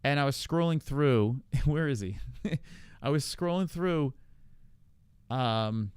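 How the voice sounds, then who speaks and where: A man's voice: mid-range voice, expressive, slow pace, a little mellow, smooth, no echo. A man hosting a podcast, chatting casually and profanely while reacting to online streams, often laughing. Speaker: podcast host.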